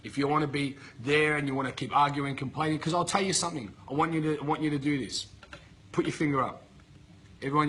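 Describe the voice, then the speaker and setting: Blunt, profane, high-voiced motivational coach. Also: male voice, bright, forceful tone, slight background noise. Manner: blunt, profane, emphatic ranting. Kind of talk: motivational talk to camera. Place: filmed in Bali with a camera operator.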